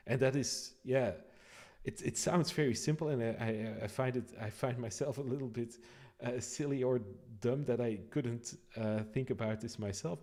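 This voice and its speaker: A man explaining his code on a live stream, thinking aloud with frequent pauses and restarts. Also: mid-range voice, warm tone. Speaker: developer streaming a code walkthrough.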